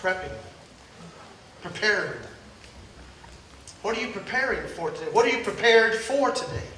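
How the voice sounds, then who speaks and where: Older pastor preaching in an echoey church. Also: male voice, sits high, animated, moderate pace, bright, forceful tone, far from the mic, a little hiss or hum. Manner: preaching with rising urgency, repeating key phrases. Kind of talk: sermon. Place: church sanctuary.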